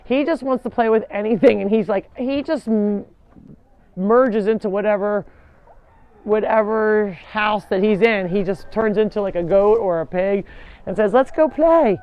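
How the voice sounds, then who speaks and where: A woman's voice: mid-range voice, steady tone, moderate pace, clean tone, lo-fi sound. Chatty woman touring her farm. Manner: chatty, often breaks off to call animals. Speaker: animal sanctuary host. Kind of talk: casual live tour chat. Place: outdoors at a farm.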